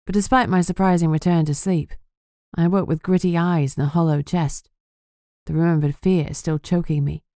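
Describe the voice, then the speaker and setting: A woman narrating a first-person audiobook in an earnest, steady manner. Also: lowish voice, normal speed, dry recording, clean studio sound.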